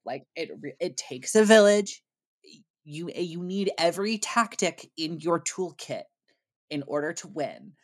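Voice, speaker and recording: A low-pitched woman co-hosting a podcast, talking casually. She rants emphatically and swears freely, piling on point after point. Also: lively intonation, unhurried. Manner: profane, emphatic ranting. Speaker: podcast co-host. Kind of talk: casual chat.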